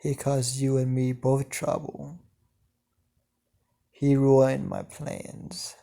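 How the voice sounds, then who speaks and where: A man voicing a smirking, scheming male devil who rules hell, speaking slowly and drawn out. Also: medium pitch, monotone, creaky, warm tone. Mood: stern. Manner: slow, drawn-out delivery.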